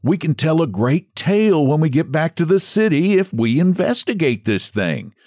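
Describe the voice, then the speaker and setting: A man voicing a small, blustering, excitable man who is cowardly and quick to curse, with shrill, bombastic outbursts. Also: dry recording, clean studio sound. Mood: boastful.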